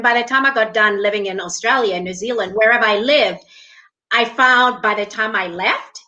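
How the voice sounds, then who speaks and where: A woman's voice: medium pitch, pushed and bright, lo-fi sound. A woman from South Africa co-hosting a podcast, chatting casually and laughing often. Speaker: podcast co-host. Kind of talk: casual chat.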